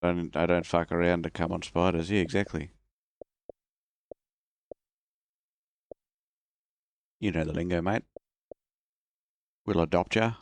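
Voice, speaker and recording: A man's voice: low-pitched, level tone, fairly quick, dry recording. A man putting on a crude, laid-back Australian bloke with a put-on Australian accent, slangy and swearing as a bit on a game stream. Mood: matey.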